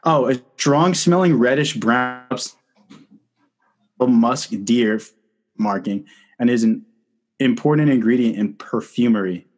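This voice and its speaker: A man's voice: mid-range voice, measured pace, long pauses. A young man hosting a casual podcast chat, rambling with lots of fillers and frequent laughs. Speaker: podcast host.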